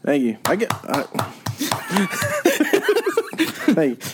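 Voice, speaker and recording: A man's voice: medium pitch, animated, drawn-out words, heavy background noise. A young man co-hosting a podcast, ribbing his friend with swearing and mock play-by-play in casual chat. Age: young adult. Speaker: podcast co-host.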